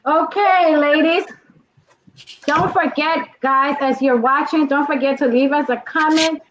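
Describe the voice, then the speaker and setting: Slow high woman co-host, lo-fi noisy. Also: steady tone. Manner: upbeat, addressing viewers. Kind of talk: casual talk-show segue. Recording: dull lo-fi with clear noise.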